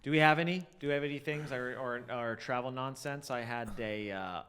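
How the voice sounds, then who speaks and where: A man's voice: mid-range voice, brisk, fairly bright tone, smooth. A man co-hosting a podcast, telling a rambling anecdote in casual chat. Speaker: podcast co-host.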